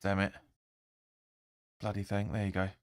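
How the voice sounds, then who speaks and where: A man's voice: lowish voice, completely flat delivery, normal speed, no room sound. Man doing rambling football watch-along commentary. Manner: rambling, restarts often, erupts when urging players. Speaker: fan channel host.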